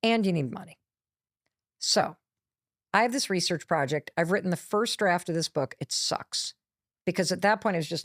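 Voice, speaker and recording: A middle-aged woman, a motivational speaker appearing as a podcast guest, telling a candid, lively story and acting out quotes as she goes. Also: fairly low pitch, brisk, no echo, studio quality.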